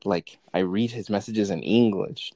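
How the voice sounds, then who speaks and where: A man's voice: on the low side, measured pace, mellow, no room sound. A man talking as a guest on a podcast in casual, rambling chat, full of "like" and "bro" and swearing. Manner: rambling, laid-back, swears, says like and bro.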